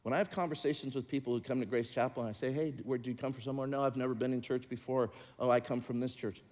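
A middle-aged man preaching as a pastor, moving between loud, emphatic passages and quieter, confiding talk. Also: medium pitch, fairly even intonation, rapid-fire. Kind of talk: sermon. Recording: long reverb of a large hall.

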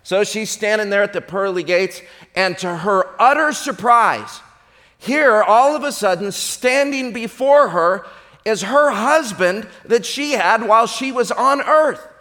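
Male pastor, high voice, sermon with acted-out joke, long reverberant hall sound. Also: unhurried. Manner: storytelling with a joke, animated voices for characters.

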